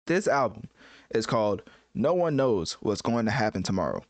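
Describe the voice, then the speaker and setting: A man's voice: lowish voice, very animated, normal speed, no room sound. Joking man reacting to music, dry sound. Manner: joking, self-mocking, filler-heavy. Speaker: music commentator. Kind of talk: casual reaction commentary.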